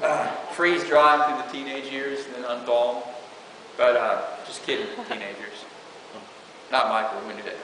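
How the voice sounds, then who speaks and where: A man's voice: mid-range voice, flat delivery, moderate pace, bright, forceful tone. A man preaching an informal sermon, reading scripture and talking conversationally with many "you know"s. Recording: echoey hall with faint hiss.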